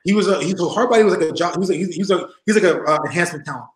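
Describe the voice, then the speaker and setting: A man in his forties with a somewhat high voice tells his stories in a loose, animated way, laughing often and slipping into the voices of the people he describes. He talks from a home room over a video call, and the sound echoes around the room. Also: rapid-fire, a crowd in the background. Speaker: interview guest. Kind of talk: casual storytelling in an interview.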